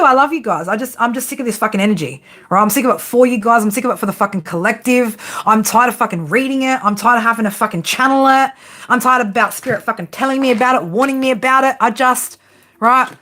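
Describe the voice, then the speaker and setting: A woman's voice: a little high, a bit bright. A woman reading tarot for her viewers, ranting in an exasperated way, swearing constantly, laughing often and asking "right?" again and again. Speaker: psychic tarot reader.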